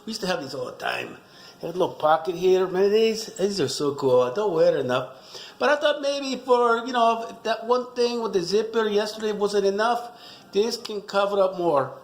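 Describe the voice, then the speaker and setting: Gravelly man in a rambling comic rant. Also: high voice, expressive, moderate pace. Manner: rambling, joking, self-mocking. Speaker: wine vlogger. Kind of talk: casual comedic rant. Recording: echoey room.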